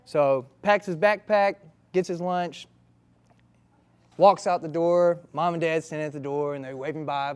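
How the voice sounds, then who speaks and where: A man telling a comic story in a casual, brisk, conversational way. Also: on the high side, clear, resonant tone.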